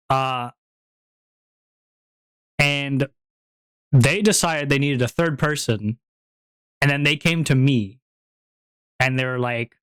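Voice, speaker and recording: A man's voice: medium pitch, a bit bright, smooth, dry recording. A young man chatting casually on a stream, rambling, repeating himself and laughing often. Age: young adult.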